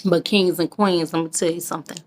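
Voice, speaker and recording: A woman's voice: on the low side, steady tone, a little fast. A woman from Michigan, talking to her viewers in a heartfelt, emotional, preachy way. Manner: emotional, preachy, addresses viewers as kings and queens. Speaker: vlogger. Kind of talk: casual heartfelt vlog talk.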